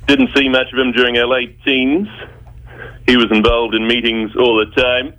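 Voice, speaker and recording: A man delivers a wedding toast in a flat, monotone voice at a middling pitch. His bitter deadpan keeps slipping in horse-racing puns. The sound has the feel of a radio broadcast. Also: normal speed, highs cut off. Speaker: best man giving a wedding speech. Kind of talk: comic wedding speech.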